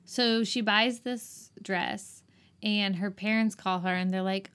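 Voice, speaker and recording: Woman, co-host, casual chat, sarcastic, exasperated, mid pitch. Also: fairly even intonation, slow pace, a bit bright, clean tone. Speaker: podcast co-host reviewing a movie.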